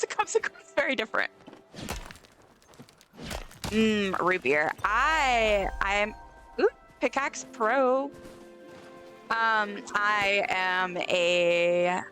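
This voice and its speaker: A woman's voice: mid-range voice, a bit bright, clear, resonant tone. Rambling woman streamer. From Southern United States. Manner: rambling, chatty, full of fillers and restarts. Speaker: game streamer. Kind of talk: casual live-stream chat while gaming.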